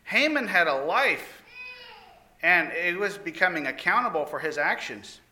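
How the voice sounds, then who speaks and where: Folksy storytelling man, bright and lively delivery, sermon setting. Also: high voice, measured pace. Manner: animated, folksy retelling with exclamations.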